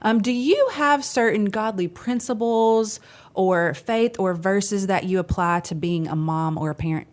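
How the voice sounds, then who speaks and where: A woman's voice: medium pitch, unhurried. A woman with a mid-range voice hosts a talk show, welcoming listeners back and leading into a break. She speaks in a friendly way with short affirmations. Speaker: podcast host.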